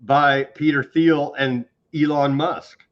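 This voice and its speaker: A man's voice: on the high side, fairly even intonation, takes it slowly, muffled recording. A man hosting a casual political commentary show, ranting in a heated, mocking way. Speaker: show host.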